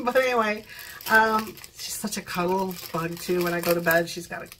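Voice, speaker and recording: A woman's voice: on the low side, normal speed, fairly bright tone, a little hiss or hum, poor audio. An older woman and grandmother chatting at home in her living room while showing products she bought, rambling off topic and laughing often. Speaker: product haul vlogger. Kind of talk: casual chat.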